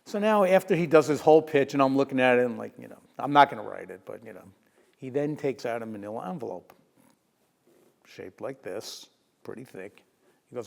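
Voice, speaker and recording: An older man spins lively anecdotes as an interview guest. His voice has a gravelly, creaky edge. The room adds a long, lingering reverb. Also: mid-range voice, a little fast. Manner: lively anecdotal storyteller who laughs and acts out quotes. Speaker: retired sports journalist, interview guest. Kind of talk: storytelling in a sit-down interview.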